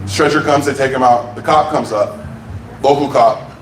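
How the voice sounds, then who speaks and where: A man's voice: medium pitch, normal speed, recorded from a distance, slight background noise. A man hosting an open mic and telling a story in a loose stand-up style, acting out the people in it and laughing along. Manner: loose, laughing, acts out quotes. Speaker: open mic host and comedian. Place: bar comedy room. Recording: echoey room, mic heard from afar.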